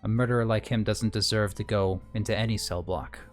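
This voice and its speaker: A man's voice: fairly low pitch, fairly even intonation, a little fast, faint music behind, lightly acted. A man doing a blunt old ex-bounty hunter woman. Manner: matter-of-fact, hesitant fillers.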